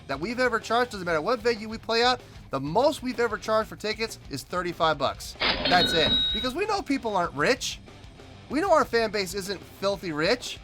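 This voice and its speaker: A man's voice: high voice, pushed and bright. A man hosting a music reaction video, talking emphatically and repeating himself as he rants.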